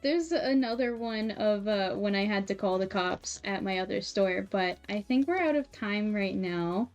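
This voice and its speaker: A young woman streamer casually telling a story while sewing, animated and laughing often, with many fillers. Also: medium pitch, a little slow, highs cut off. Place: home streaming setup. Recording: soft music behind.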